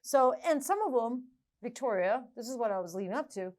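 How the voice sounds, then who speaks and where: A middle-aged woman hosting a podcast, talking casually and haltingly with many restarts. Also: a little high, animated, a little mellow. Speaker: podcast host. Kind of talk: casual interview chat.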